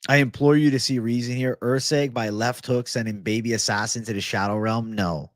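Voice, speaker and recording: A man hosting a live stream, relaxed as he reads and answers viewer chat. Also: medium pitch, a little fast, no room sound, studio quality. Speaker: livestream host.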